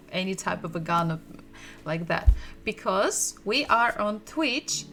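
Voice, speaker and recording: Woman, language teacher on a livestream, bright tense tone, unhurried, repeats each word for drilling. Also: mid-range voice, slight background noise. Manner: patient, repeats sounds and words slowly for drilling.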